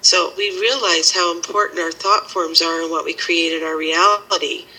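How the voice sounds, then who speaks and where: A woman teaching a healing method and leading a slow, soothing guided meditation. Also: fairly low pitch, fairly even intonation, bright, forceful tone, slightly rough, rough recording. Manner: slow, soothing guiding instructions.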